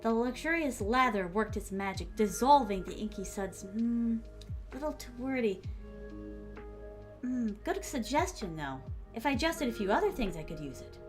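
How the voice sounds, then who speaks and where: Woman streamer, slightly high, playful, mutters drafts aloud; soft music under her. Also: animated, moderate pace. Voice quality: slight put-on accent. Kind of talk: casual writing stream.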